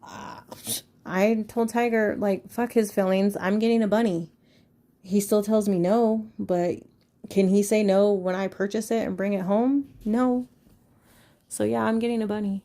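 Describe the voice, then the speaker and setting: Speaking in a mellow, medium-pitched voice with a steady tone and measured pace, this podcast host is a woman in her thirties. Her casual chat is frank and rambling, peppered with frequent swearing.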